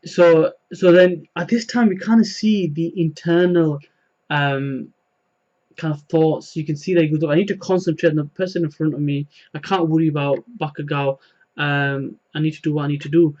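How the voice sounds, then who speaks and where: Man, slightly high voice, rambling manga recap, dull lo-fi recording. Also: fairly even intonation, moderate pace, darkish tone. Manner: rambling, many fillers, paraphrases dialogue with "he goes". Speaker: manga reviewer. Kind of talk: casual chapter recap.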